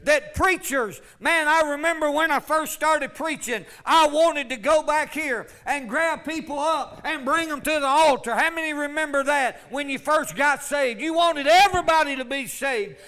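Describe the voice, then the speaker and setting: High, bright-voiced preacher. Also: male voice, moderate pace, hardly any pauses. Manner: fervent preaching, swinging from loud calls to low asides. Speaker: pastor. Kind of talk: sermon.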